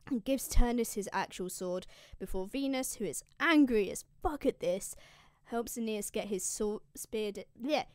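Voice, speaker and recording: A woman's voice: a little high, no room sound. Woman, classics host, casual recap, slangy, swearing, dry close sound.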